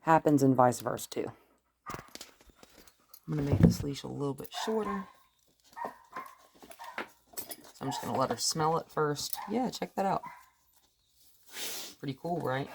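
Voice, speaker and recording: A woman dog trainer who gives calm, firm commands to a dog and explains each step to the viewer. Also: low-pitched, unhurried, creaky, pauses often, a little hiss or hum. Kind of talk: dog training lesson, talking to camera and dog.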